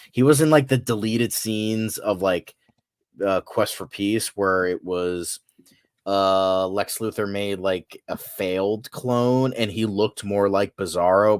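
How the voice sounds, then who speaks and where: A man's voice: on the low side, dry recording, clean studio sound. A man co-hosting a daily fan news show, chatting bluntly, swearing freely and ranting with energy. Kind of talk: casual podcast chat.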